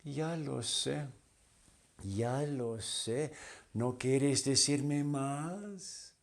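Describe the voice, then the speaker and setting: A man's voice: medium pitch, very slow, creaky, voice pushed up. A man voicing a vain little female butterfly in a storybook tale, speaking coy and sing-song.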